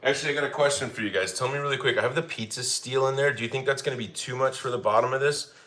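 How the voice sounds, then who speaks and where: A medium-pitched male voice, very fast and sharp in tone. It belongs to a livestream cooking host from Colorado who casually reads his chat's comments out loud and answers them while he cooks, staying chatty and easygoing throughout.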